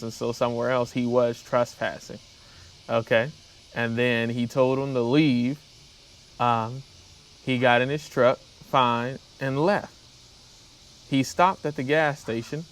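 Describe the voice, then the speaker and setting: A man's voice: mid-range voice, steady tone, measured pace. A man hosting a reaction show, summing up events plainly and reacting with disbelief in casual commentary.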